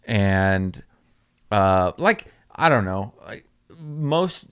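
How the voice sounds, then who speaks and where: A man's voice: fairly low pitch, lively intonation, very slow, clear, resonant tone. A young man co-hosting a podcast, talking earnestly and a bit hesitantly in casual chat. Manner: earnest, hesitant, many fillers and restarts. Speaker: podcast co-host.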